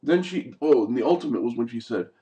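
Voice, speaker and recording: A man's voice: mid-range voice, animated, quick pace, warm tone, recorded from a distance. A man giving a heated, profane, exasperated recap of a TV episode in a casual rant. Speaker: TV show commentator.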